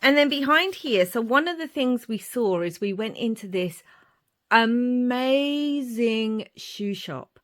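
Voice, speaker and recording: Her voice on the high side and animated, a woman slowly walks through her crafting journal pages. As a crafting vlogger, she rambles chattily in casual show-and-tell narration full of warm asides.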